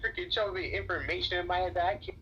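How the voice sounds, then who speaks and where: A man voicing a furious, indignant young woman mage who sputters in a shrill voice. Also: fairly even intonation, fast, bright, forceful tone. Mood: outraged. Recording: dull lo-fi mic, faint hiss.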